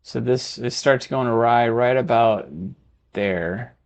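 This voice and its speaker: A man's voice: medium pitch, takes it slowly, clean tone. A man from Texas giving casual let's-play commentary as he builds a city, chatting and muttering to himself. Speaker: gaming video host.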